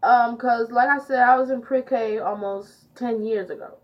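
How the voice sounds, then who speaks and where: Teen girl telling a storytime, lots of um and like, kinda high voice, muffled lo-fi audio. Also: a little slow. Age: teens. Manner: chatty, filler-heavy, lively retelling. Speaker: vlogger. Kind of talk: storytime vlog. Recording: dull lo-fi audio.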